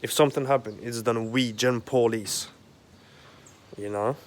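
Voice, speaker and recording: A man in a rambling monologue at home, agitated and profane, halting often with fillers. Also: medium pitch, fairly even intonation. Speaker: vlogger. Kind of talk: rambling direct-to-camera monologue. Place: at home, indoors.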